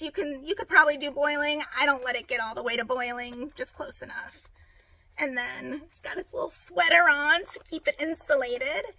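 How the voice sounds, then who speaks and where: A woman with a hoarse, raspy voice, chatting upbeat and direct to viewers in a casual how-to vlog. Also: high-pitched, pushed and bright, no echo, low-quality recording. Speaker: vlogger.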